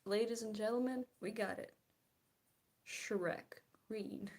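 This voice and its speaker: Slow, gravelly-voiced young woman vlogger. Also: medium pitch, a little mellow. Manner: chatty and giggly, murmuring half-whispered asides. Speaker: art vlogger. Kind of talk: casual chat while painting.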